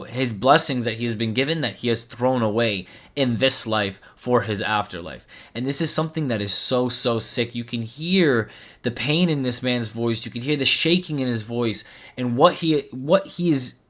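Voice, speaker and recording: A man's voice: medium pitch, fairly bright tone. A man hosting a commentary channel, giving an impassioned, preachy monologue full of repetition.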